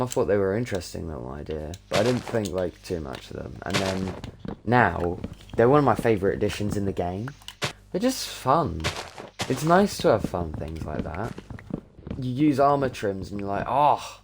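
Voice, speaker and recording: A young man chatting and thinking aloud as he streams a game, rambling casually between tasks. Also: on the low side. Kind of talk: casual gameplay commentary. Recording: noisy with keyboard clicks. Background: keyboard typing.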